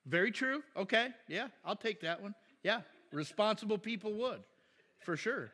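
A man's voice: sits high, normal speed, slightly rough, in a large hall. A male pastor preaching in a blunt, conversational way and trading remarks with his congregation in a church. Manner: blunt, animated, talks back and forth with the congregation. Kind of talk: conversational sermon with congregation interaction.

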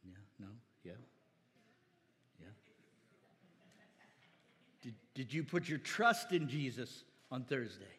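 Bright-voiced preacher exhorting in a hall. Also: male voice, medium pitch, very animated, slow pace, pauses often. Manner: exhorting, calls for amens, quotes scripture. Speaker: pastor. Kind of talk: sermon. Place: church hall. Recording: reverberant church hall.

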